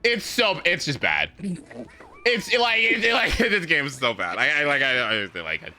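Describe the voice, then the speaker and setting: A man's voice: medium pitch, big pitch swings, moderate pace, sharp tone, soft background music. A man streaming a game, chatting casually with a friend over voice chat, stammering, laughing and teasing with frequent swearing.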